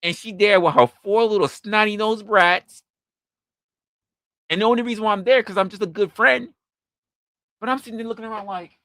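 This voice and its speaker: A man's voice: high voice, normal speed, pauses often, dry recording, studio quality. A man hosting a live stream, reacting to chat and telling a story with a lot of swearing, voicing the people in it, while he drinks. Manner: profane, animated storytelling with voiced quotes. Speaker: podcast host.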